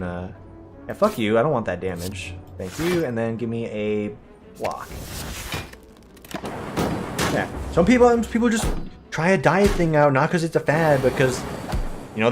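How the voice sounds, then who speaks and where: Animated young man ranting over gameplay. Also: mid-range voice. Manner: animated storytelling, voicing exaggerated quoted people. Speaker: gaming video host. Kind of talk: casual commentary over gameplay.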